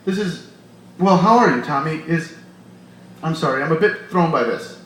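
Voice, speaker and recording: A man reading aloud as a hesitant middle-aged man on the phone, halting and stammering as he speaks. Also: a little high, expressive, close to an everyday voice. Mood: flustered. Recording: echoey bar room with light noise.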